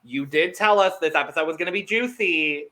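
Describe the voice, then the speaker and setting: Campy, bright-voiced man hosting. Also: on the high side, fairly quick, low-quality recording. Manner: campy, playful and upbeat. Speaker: host. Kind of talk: casual podcast chat.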